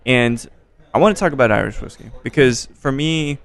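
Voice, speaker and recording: A man hosting a podcast interview, relaxed and joking, swearing casually. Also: mid-range voice, normal speed. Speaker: podcast host. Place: bar by a window.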